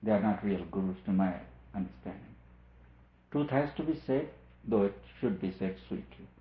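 Low-voiced man giving a tinny, echoey discourse. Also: animated, normal speed. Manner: earnest, repeats phrases for emphasis, rising on key points. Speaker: spiritual teacher. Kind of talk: spiritual discourse. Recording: tinny lo-fi with roomy echo.

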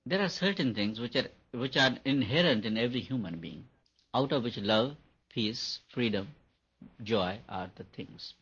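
Male spiritual teacher, husky voice, emphatic and repetitive, dull lo-fi recording. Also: mid-range voice, lively intonation, moderate pace, a bit bright. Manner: earnest, repetitive and emphatic, laughs at his own points. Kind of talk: meditation lecture to an audience.

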